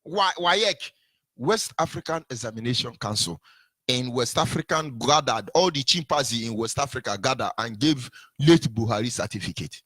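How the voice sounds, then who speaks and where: A man's voice: medium pitch, expressive, normal speed, a bit bright, breathy edge, no echo. A Nigerian man giving an impassioned political monologue, preachy, repeating rhetorical questions and sometimes singing his lines. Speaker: activist broadcaster.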